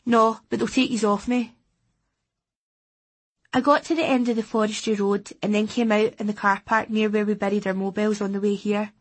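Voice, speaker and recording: A Scottish woman narrates an audiobook in a teenage boy's first person. Her telling is steady and plain. The voice is husky. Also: medium pitch. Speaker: audiobook reader.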